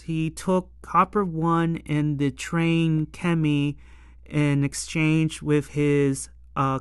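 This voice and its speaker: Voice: mid-range voice, fairly bright tone, clean tone, no echo, clean studio sound. A show reviewer recapping an episode in casual, rambling talk full of fillers and exasperated asides. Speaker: anime and tokusatsu episode reviewer.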